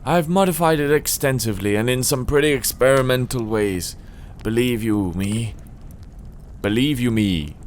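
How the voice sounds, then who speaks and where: A man's voice: mid-range voice, moderate pace, slight background noise, voice pushed up, close to an everyday voice. A man voicing an absent-minded old male scientist who mumbles, meanders and slips into a bad Irish lilt. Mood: musing. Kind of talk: let's play dialogue reading.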